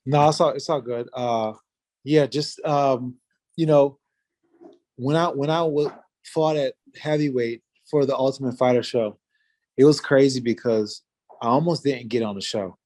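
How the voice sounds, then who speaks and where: A man's voice: medium pitch, fairly even intonation, a little slow, a little mellow. A man in his forties, a former fighter, telling a story in casual interview talk, loose and rambling with many fillers and restarts.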